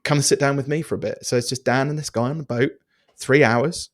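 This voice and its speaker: A man, a podcast guest telling stories in a casual, animated way with many restarts. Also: medium pitch, brisk. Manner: animated, chatty storyteller with many restarts and fillers. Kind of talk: casual storytelling interview.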